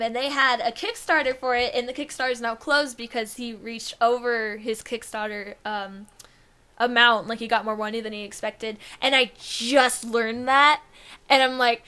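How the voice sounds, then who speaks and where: A woman's voice: a little high, sharp tone, smooth. A woman co-hosting a casual gaming podcast, chatting and laughing often. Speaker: podcast co-host. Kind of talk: casual chat.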